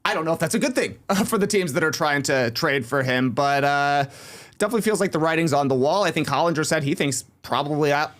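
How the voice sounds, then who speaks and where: A man on a sports podcast gives his analysis in a steady, explanatory flow. His voice sits a little high for a man. The talk is casual. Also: quick pace. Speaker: podcast co-host.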